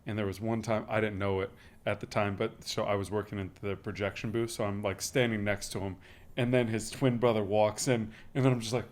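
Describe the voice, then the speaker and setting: A man co-hosting a casual podcast, who mostly gives short replies but gets animated telling his own story. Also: lowish voice, a little fast.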